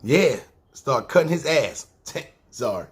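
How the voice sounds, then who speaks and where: Speaking slowly but with plenty of animation, a New York man with a medium-pitched, slightly rough voice tells a long story on a podcast. His delivery is casual and meandering, with a New York accent, frequent swearing, and acted-out dialogue.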